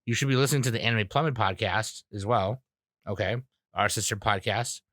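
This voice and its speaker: Podcast host dude, bright voice, rambling crude jokes, dry close mic. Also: male voice, on the low side, a little fast, no room sound. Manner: crude joking banter, rambling storytelling. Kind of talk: casual podcast chat.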